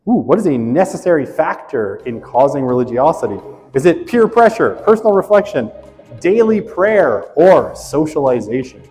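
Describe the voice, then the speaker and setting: A man's voice: fairly high pitch, big pitch swings, normal speed, a little mellow, long reverb tail, soft background music. A male instructor running a class quiz review, reading questions aloud and joking with students.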